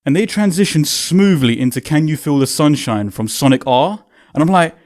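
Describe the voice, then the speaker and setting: A young man tells an excited, slang-heavy story about a concert, swearing and acting out his own loud reactions. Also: a little high, moderate pace. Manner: animated, swearing, British slang, reacts in loud quoted exclamations. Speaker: video creator.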